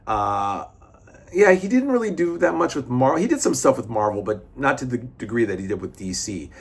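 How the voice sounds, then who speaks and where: Male reviewer, casual, rambling delivery, middle pitch. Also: very animated, brisk, husky. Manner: rambling, lots of fillers, restarts and swearing. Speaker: comic book reviewer.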